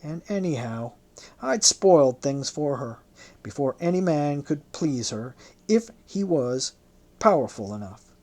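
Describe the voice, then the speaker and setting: An audiobook narrator reading a historical novel in the first person, in a measured, literary way. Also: medium pitch, expressive, darkish tone.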